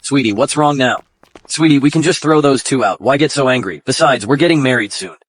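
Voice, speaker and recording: A man's voice: mid-range voice, brisk, slightly rough, dry recording, lightly acted. An actor playing a greedy young man who sneers at the poor and fawns on the rich, in an English drama dub. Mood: fawning.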